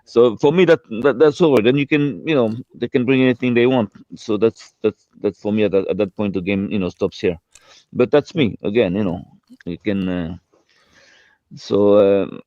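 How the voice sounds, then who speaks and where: Brief: halting man, mid pitch, dry and slightly muffled line. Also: darkish tone, no room sound. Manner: hesitant, repeats words, many fillers. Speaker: debate participant. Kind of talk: casual online debate.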